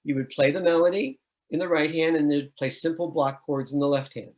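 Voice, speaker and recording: A man's voice: a little high, steady tone, brisk, a little mellow, lo-fi sound. A middle-aged man, a music education professor, presenting an online admissions webinar and patiently explaining with sung and chanted examples.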